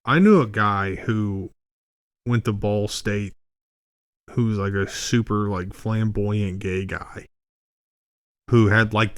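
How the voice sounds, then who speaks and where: A man's voice: lowish voice, clean tone, no room sound, clean studio sound. A man in his thirties, a podcast host telling rambling, profane, joking stories in a casual way. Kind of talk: casual comedic storytelling.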